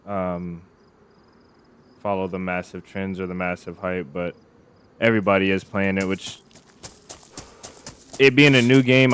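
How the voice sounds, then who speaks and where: A man's voice: lowish voice, clean tone. A man streaming a survival game, chatting casually and rambling with his viewers. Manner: relaxed, rambling, chats with viewers. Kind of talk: casual live-stream commentary.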